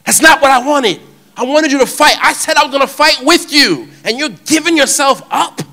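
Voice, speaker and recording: A preacher plays a frustrated grown man protesting loudly, his voice climbing high and bright with indignation. It is a bold, raised complaint from an adult male disciple who can't accept what he's hearing. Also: expressive, normal speed, exaggerated voice. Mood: exasperated. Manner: exasperated, loud, high-pitched protest.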